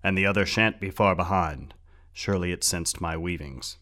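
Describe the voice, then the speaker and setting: A man voicing a tall hooded male wizard in an audiobook, giving grave, measured commands. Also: sits low, pushed and bright. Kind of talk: audiobook character reading.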